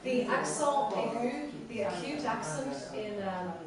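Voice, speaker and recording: A woman's voice: on the high side, expressive, unhurried, over a noisy crowd. A woman leading a song workshop, patiently breaking each line of the song into small parts and repeating them for a class to copy. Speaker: workshop teacher. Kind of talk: teaching a song phrase by phrase. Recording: far-off mic in a very echoey room, clear room ambience.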